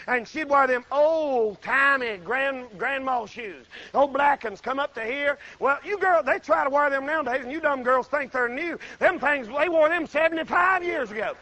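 Man, preacher, folksy sermon, bright cutting tone, very high voice, sudden shouts. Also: moderate pace, hardly any pauses, poor audio. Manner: folksy, shouting bursts, dramatic quoted voices.

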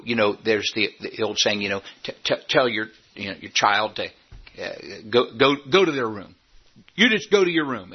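Emphatic husky-voiced male preacher. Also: medium pitch, dull audio. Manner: emphatic, repeats phrases, slows down for key points. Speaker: pastor. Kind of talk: sermon.

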